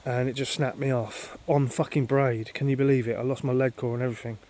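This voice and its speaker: A man's voice: mid-range voice, fairly even intonation, quick pace, darkish tone. A man filming a casual outdoor vlog at a lake on a handheld phone, telling a rambling, exasperated story full of swearing. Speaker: vlogger.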